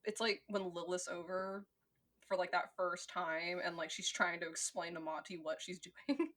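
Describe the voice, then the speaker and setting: A woman's voice: lowish voice, normal speed, a bit bright. A woman co-hosting a film podcast, chatting casually and swearing freely, with lots of "like" and frequent laughter. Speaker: podcast co-host. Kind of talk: casual chat reviewing a film.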